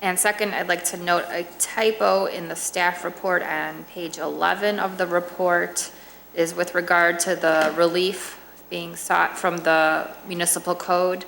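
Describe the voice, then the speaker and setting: A woman on village staff with a gravelly, creaky voice reads corrections into the record in a flat, level tone. Her voice rings out in a long reverb in the meeting hall. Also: fairly low pitch, measured pace, slight background noise. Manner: precise, reads corrections word for word. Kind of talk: formal reading of meeting notes. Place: municipal meeting chamber.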